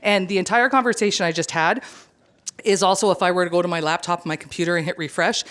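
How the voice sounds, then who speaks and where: A woman presenting at a career event, chatty and animated, joking with the audience. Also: lowish voice, fast. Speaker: conference presenter. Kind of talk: lively seminar talk.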